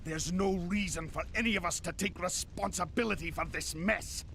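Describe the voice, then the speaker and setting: An actor playing a grim, stubborn, wounded mercenary commander, with stiff, earnest game dialogue. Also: male voice, high voice, normal speed, creaky, background noise. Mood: defiant.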